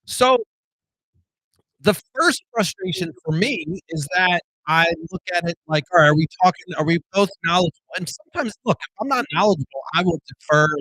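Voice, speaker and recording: A man talks alone as host of his own show, blunt and full of curses, circling back and restarting his thoughts. His voice sits a little high for a man. The sound is dry and close, with no room echo. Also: animated, brisk, sharp tone. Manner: blunt, profane, rambling with restarts. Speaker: podcast host. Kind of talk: solo casual monologue.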